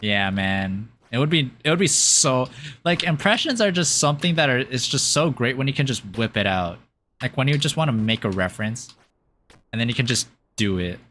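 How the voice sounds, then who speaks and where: A man streaming a game, chatting casually and rambling, often giggling and filling pauses with um and uh. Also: mid-range voice, expressive, bright, forceful tone, slight background noise. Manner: rambling and giggly, with many fillers. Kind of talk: casual chat while playing a game.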